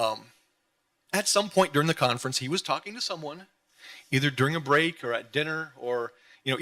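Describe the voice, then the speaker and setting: Man, memorial speaker; slightly high, bright voice; earnest, repetitive emphasis, lively mimicry. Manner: earnest, repetitive emphatic phrasing, imitates others with playful pitch jumps. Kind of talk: heartfelt memorial tribute.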